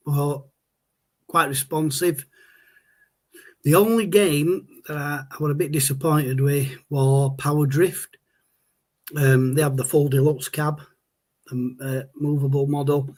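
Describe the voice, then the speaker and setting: A man's voice: medium pitch, a little mellow. Chatty man on a livestream. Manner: rambling, reads and answers viewer chat. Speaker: livestream host. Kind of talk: casual livestream chat.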